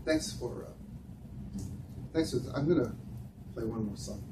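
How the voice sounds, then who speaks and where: A man giving an earnest, reflective talk with personal stories to volunteers, speaking unhurriedly with frequent pauses. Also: medium pitch. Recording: echoey room, heard from a distance, noisy.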